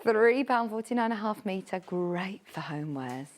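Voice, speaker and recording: A woman presenting fabric on a live shopping channel, chatty and gushing with delight. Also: unhurried. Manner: chatty and gushing, swoops high with excitement. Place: TV studio.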